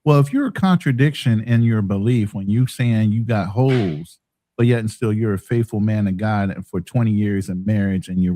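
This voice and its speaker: A man's voice: fairly low pitch, mellow. A man co-hosting a casual live talk stream, speaking emphatically when he makes a point. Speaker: co-host reading chat on a live stream.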